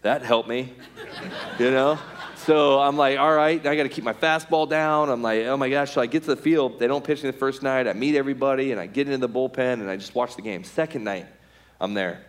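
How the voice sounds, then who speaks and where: A middle-aged man, a former pitcher, tells a lively personal testimony, acting out scenes with quoted voices and lots of "like" and "right?". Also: fairly quick. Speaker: former pro baseball pitcher giving a testimony. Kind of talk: storytelling testimony talk.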